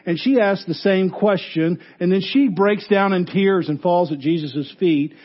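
On a muffled recording, a male pastor gives a funeral sermon with earnest feeling, swelling loudly for emphasis before dropping to a low, soft tone.

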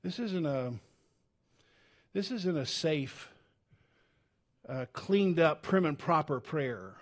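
A male pastor with a fairly high-pitched voice preaches slowly and animatedly in a church. Earnest and conversational, he often restarts his sentences, and his sermon swings from loud, urgent pleading to hushed, heavy tones.

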